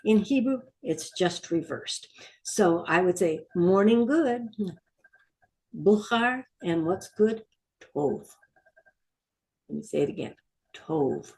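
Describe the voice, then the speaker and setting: Middle-aged lady running a hebrew drill, slow and patient, mellow low voice. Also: animated. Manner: patient, repeats each word slowly for learners. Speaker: Hebrew teacher. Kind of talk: vocabulary lesson with call-and-repeat drills.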